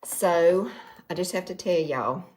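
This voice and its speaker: A woman's voice: lowish voice, unhurried, a little mellow, a little hiss or hum. Chatty woman in her sixties. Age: 60s. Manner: chatty, greets viewers by name, folksy. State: tired and nervous. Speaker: direct sales livestreamer. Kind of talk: casual livestream talk to viewers. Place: quiet room.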